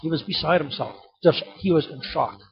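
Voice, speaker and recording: A man preaching a sermon, telling a story and then calling loudly on the congregation to open their Bibles. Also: on the high side, normal speed, creaky, lo-fi sound. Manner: storytelling, building to loud exhortation. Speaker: pastor.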